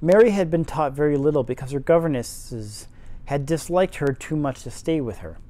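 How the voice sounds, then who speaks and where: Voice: mid-range voice, moderate pace, dark tone. A tipsy amateur reader narrating a classic novel, dropping wry, profane asides. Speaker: audiobook reader. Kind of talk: casual amateur reading aloud with asides.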